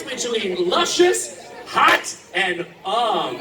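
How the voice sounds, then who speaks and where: A very high, lively voice from a man hosting a comedic game show as a brash announcer who works the crowd. He sounds distant on an echoey outdoor street. Loud music and a big crowd fill the background. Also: slow.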